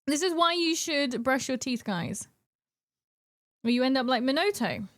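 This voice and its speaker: A woman's voice: high voice, animated, normal speed, a bit bright. A young woman chatting casually with her stream viewers from home, giggly and chatty, greeting people by name and cooing baby talk to her cat. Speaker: live streamer.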